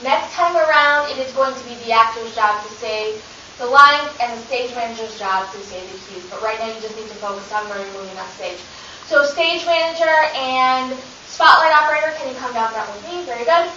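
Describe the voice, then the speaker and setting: A woman's voice: a little high, a little fast, pushed and bright. A woman leading a children's drama rehearsal, upbeat and encouraging, giving step-by-step instructions. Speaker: drama workshop teacher. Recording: distant, echoey, dull lo-fi recording with hiss.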